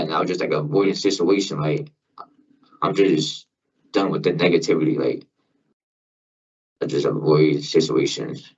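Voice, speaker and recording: A young man answers questions at his own parole hearing in a casual, halting way, using slang and fillers. His voice is very low and husky. It comes from far off the mic over a muffled remote line. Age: young adult. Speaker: incarcerated person at a parole hearing.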